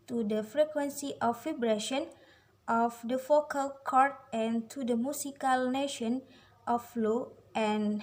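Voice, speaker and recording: A woman's voice: on the high side, rough recording. A young woman with an Indonesian accent giving a student presentation, reading a prepared script carefully. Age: young adult. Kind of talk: class presentation on phonology.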